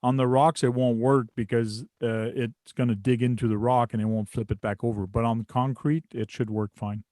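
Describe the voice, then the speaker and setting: A man hosting a casual group chat, explaining things in a relaxed way with many fillers. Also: medium pitch, normal speed, no room sound. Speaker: host.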